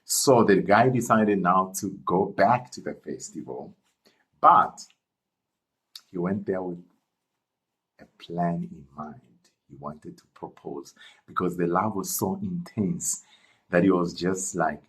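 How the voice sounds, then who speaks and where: A man narrating a storytime story in an animated, chatty way, talking straight to viewers. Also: low-pitched, takes it slowly, low-quality recording.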